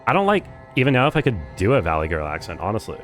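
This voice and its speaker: Low-voiced Californian streamer man. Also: rapid-fire, faint music behind. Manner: chatty, relaxed, lots of "like". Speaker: game streamer. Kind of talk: casual live-stream chat.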